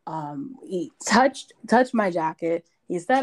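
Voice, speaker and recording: A woman from Brooklyn, a podcast guest, excitedly retelling a story with emphatic repetitions. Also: fairly low pitch, slow pace. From Brooklyn, New York. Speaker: interview guest. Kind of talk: casual storytelling.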